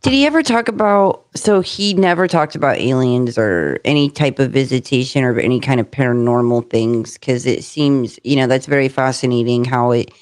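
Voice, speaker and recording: A woman's voice: a bass voice, expressive, moderate pace, hardly any pauses, a little mellow. Curious woman host asking rambling questions. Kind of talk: casual interview chat.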